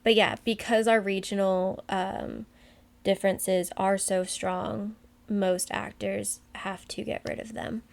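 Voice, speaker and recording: A woman's voice: mid-range voice, level tone, slow, vocal fry. A young woman co-hosting a podcast in casual chat, talking at length with many fillers and asides. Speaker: podcast co-host.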